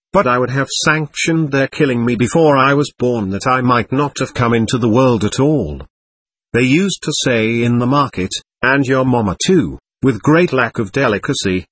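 A man's voice: medium pitch, a bit bright, breathy edge, dry recording. A man voicing a bitter, scornful young servant. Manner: curt, bitter and resentful. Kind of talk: audiobook character reading.

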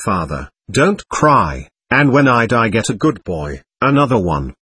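A man reading the part of a dying young boy, pleading tenderly with his father in a soft, low, heartbroken voice. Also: sing-song, unhurried, husky, full character voice.

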